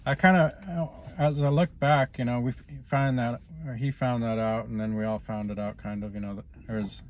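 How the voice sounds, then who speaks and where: A man's voice: medium pitch, steady tone, normal speed, lo-fi sound. Rambling man with faint background hiss. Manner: rambling, lots of "you know" fillers. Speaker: vlogger. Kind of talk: rambling personal commentary.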